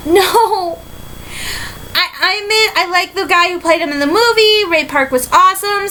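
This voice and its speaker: A woman from Michigan giving a rambling, excitable fan reaction in a casual vlog, full of fillers. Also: high-pitched, slight background noise, rough recording. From Michigan, USA. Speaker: vlogger reacting to a trailer.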